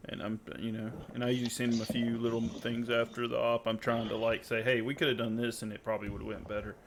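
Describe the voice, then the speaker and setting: A man's voice: mid-range voice, flat delivery. Easygoing man, faint background hiss. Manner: easygoing, measured, hesitant. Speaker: channel host and player. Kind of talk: casual chat while playing.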